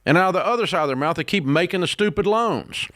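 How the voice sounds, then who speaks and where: A man, hosting a call-in advice show, blunt and emphatic, his pitch climbing as he rants. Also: lively intonation, fast, a bit bright, dry recording, studio quality. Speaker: radio show host.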